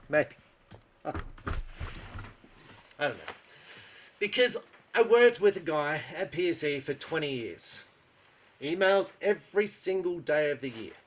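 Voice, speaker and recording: A man's voice: fairly high pitch, a bit bright. An older Australian man who runs an archery shop, talking to camera in a blunt, exasperated way, full of rhetorical questions and tag questions. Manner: blunt, exasperated, rhetorical, keeps asking "right?". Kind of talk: frustrated monologue to camera.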